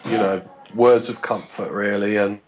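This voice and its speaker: A man's voice: fairly low pitch, steady tone, normal speed, slight background noise, poor audio. A man on a podcast, telling a long story in a chatty way, often restarting words and acting out what people said. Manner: chatty, restarts words, acts out quoted dialogue. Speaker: guest on a church podcast. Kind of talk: anecdotal storytelling.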